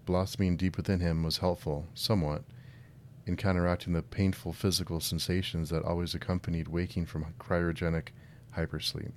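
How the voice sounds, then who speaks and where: A man's voice: low voice, a little hiss or hum. A man hosting a book channel, chatting casually and then reading a science fiction short story aloud. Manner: friendly, with filler words and restarts.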